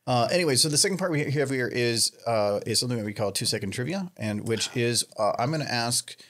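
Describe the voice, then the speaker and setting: Young man, podcast host, casual, rambling, filler-heavy, mid-pitched voice. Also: expressive, fast, fairly bright tone. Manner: rambling, laughing, many fillers. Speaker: podcast host running trivia. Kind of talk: casual group chat.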